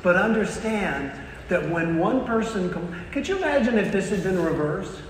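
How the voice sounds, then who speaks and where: A man giving a motivational keynote talk to a live audience, telling stories with punchy pauses and quizzing the crowd. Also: high-pitched, animated, far from the mic, a little hiss or hum. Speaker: motivational speaker. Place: large hall with an audience. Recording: echoey hall, long reverb, faint ambience.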